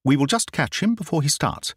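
A brisk Victorian detective, put on by a man reading aloud, crisp, assured and a touch lofty in a storybook telling. The voice sits noticeably higher than the reader's own and moves about a great deal in pitch. It is recorded close and dry. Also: lively intonation, a bit bright, dry recording.

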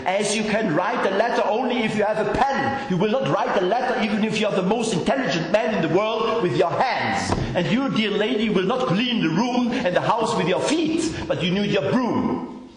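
A priest giving a sermon in a church, preaching fervently and emphatically, repeating phrases for effect. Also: male voice, high voice. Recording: very echoey church hall.

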